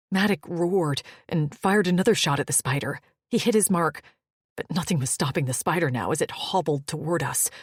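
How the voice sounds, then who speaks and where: A woman reading a first-person fantasy romance audiobook with dramatic delivery, turning breathless at the peaks and hushed in quiet moments. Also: on the low side, slightly rough, no room sound, studio quality. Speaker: audiobook narrator.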